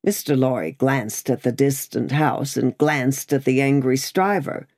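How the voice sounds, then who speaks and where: A woman narrating a classic novel as an audiobook, with expressive, measured storytelling. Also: extremely low pitch.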